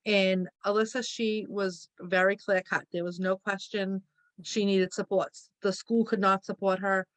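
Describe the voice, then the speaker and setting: A woman's voice: mid-range voice, level tone, a little slow, no echo. A woman speaking matter-of-factly in a casual podcast chat.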